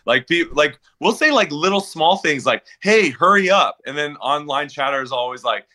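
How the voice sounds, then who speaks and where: A man with a fairly high, bright voice chats as a podcast guest. He talks loosely, with many fillers, and acts out quotes from other people. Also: moderate pace. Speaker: podcast guest, former contestant. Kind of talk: casual interview chat.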